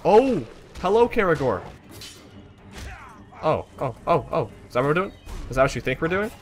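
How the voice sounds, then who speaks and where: A man's voice: medium pitch, lively intonation, fast talker, a bit bright, soft background music. Exasperated young man commentating a game. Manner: swearing, exasperated running reactions. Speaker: gaming streamer. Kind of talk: let's play commentary.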